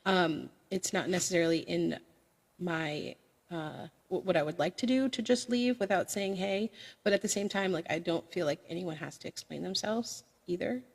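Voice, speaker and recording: A woman's voice: lowish voice, normal speed. A woman who streams karaoke, talking frankly and chattily as a podcast guest, with sassy asides. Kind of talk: casual podcast chat. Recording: long reverb.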